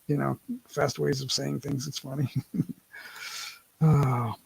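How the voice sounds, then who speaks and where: A man's voice: mid-range voice, flat delivery, takes it slowly, gravelly, a little mellow, breathy edge, no echo, low-quality recording. A man hosting a casual livestream from home on his laptop. He rambles, corrects himself mid-sentence and laughs often. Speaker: livestream host. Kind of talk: casual live-stream chat. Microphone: laptop mic.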